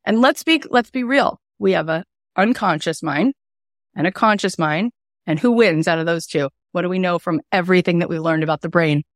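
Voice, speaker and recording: A woman in her forties leading a spiritual self-help workshop, emphatic and animated, repeating words for effect. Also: on the low side, a little fast, no echo, clean studio sound. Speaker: workshop teacher.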